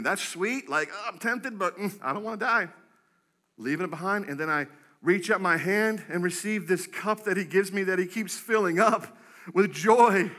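A man preaching a sermon as pastor, telling stories with animated acted-out voices. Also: a little high. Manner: animated storytelling, acts out quoted voices. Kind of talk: energetic sermon.

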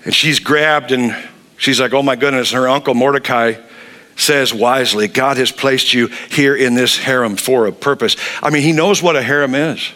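A man preaching a sermon, animated, acting out the people he quotes. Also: mid-range voice, normal speed. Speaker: pastor.

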